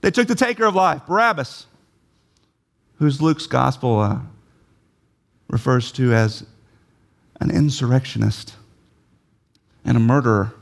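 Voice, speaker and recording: A man's voice: medium pitch, expressive, measured pace, creaky, long pauses. A man preaching a sermon, emphatic, repeating key phrases and putting questions to his listeners.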